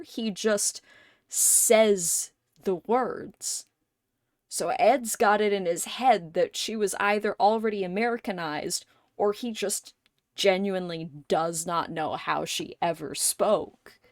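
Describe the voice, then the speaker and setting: Slow-talking woman rambling on stream. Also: mid-range voice, dry recording, clean studio sound. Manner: rambling, thinking aloud, casual swearing. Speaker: live streamer. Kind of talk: casual chat on a game stream.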